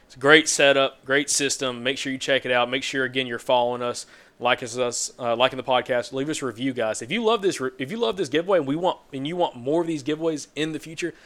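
A man with a Southern US accent, hosting a podcast, upbeat and energetic as he chats and plugs giveaways. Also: medium pitch, fast. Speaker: podcast host. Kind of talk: casual chat.

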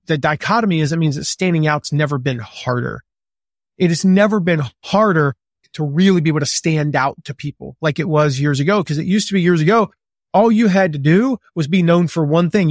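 Male podcast guest, forties, fairly high voice, gregarious and a little loud, dry close sound. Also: dry recording. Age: 40s. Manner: conversational with many fillers. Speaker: guest author and business coach. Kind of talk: podcast interview.

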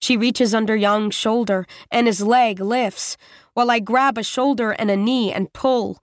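Audiobook narrator, woman, steady unhurried read, brightish register. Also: fairly high pitch, no echo, clean studio sound. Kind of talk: first-person scripted story narration.

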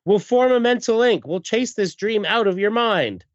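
A man reading out the lines of a calm female telepath heroine from a comic, his voice a little raised. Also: high voice, moderate pace, dry recording, voice pushed up. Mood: pleading. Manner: read aloud from a comic, voice raised. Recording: dull lo-fi dry recording.

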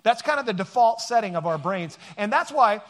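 A man's voice: sits high, lively intonation, brisk, fairly bright tone. A man giving a conversational sermon as pastor, joking and rambling with many fillers.

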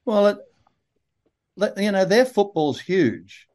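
An older man with a broad Australian accent, telling relaxed, rambling anecdotes with dry humour as an interview guest. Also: high-pitched, takes it slowly. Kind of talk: casual interview storytelling.

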